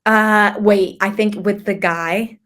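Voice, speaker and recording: A woman's voice: mid-range voice, fairly even intonation, slow, a bit bright. A woman who works as a personal trainer, co-hosting a podcast and chatting casually with lots of "like" fillers. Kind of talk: casual chat.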